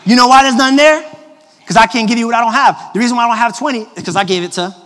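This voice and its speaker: A man in his thirties, a pastor giving an animated, personal sermon with jokes for the congregation, his voice a little hoarse from a cough. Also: very high-pitched, very fast. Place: large church auditorium. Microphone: handheld microphone. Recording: long hall reverb from a large church.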